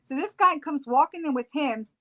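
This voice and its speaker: A high-voiced woman tells a story in a casual podcast chat. She is animated, laughs easily and acts out what people said. Her pitch sits well above most women's. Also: fairly quick. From United States. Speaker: tattoo artist and paranormal investigator.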